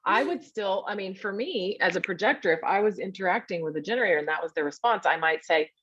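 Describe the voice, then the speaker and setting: A woman leads a workshop in a relaxed, chatty way, speaking at an ordinary pitch. She slips in asides and acts out short grunts and hums to make her points. Her voice comes through a video call with slightly muffled, lo-fi sound. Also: fast talker, hardly any pauses, slightly rough. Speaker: workshop teacher. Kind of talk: casual teaching on a video call.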